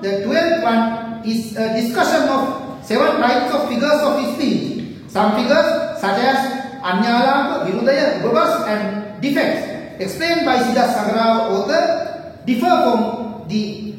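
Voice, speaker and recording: A woman with a high voice gives an academic lecture, pausing often with fillers and correcting herself as she goes. She is recorded from a distance in a large room with a long, heavy echo. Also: animated, slight background noise. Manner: halting, with frequent fillers and self-corrections. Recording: echoey hall, mic far off.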